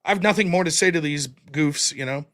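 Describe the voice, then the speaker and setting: A man hosting a livestream, reading out viewer donations with quick, offhand thanks and blunt replies with occasional swearing. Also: a little high, a bit bright. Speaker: livestream host.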